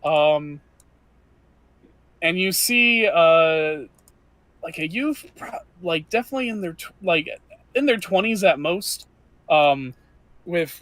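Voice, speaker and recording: Game master narrating a tabletop session, halting with fillers, dry close sound. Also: medium pitch, a bit bright, no echo. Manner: hesitant, lots of fillers.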